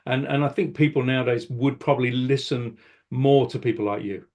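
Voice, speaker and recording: A man, interviewing a guest and asking halting, rambling questions full of restarts. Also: mid-range voice, darkish tone. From South London. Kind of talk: casual interview talk.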